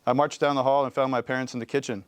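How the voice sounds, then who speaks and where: Man reading a kids' novel aloud, expressive, smooth resonant voice. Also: medium pitch, rapid-fire, dry recording. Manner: expressive storytelling. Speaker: guest reader.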